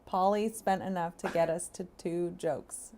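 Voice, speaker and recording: A woman co-hosting a livestream, brisk and teasing, thanking viewers for donations. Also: lowish voice, fairly even intonation, a little mellow, slight background noise. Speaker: co-host. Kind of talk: casual livestream chat.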